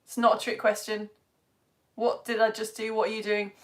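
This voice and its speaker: A woman with a Yorkshire accent, a science teacher giving a lively live lesson for children, chatty and quizzing her audience. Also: on the high side, measured pace, pauses often, slight background noise. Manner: chatty and energetic, asks the audience questions.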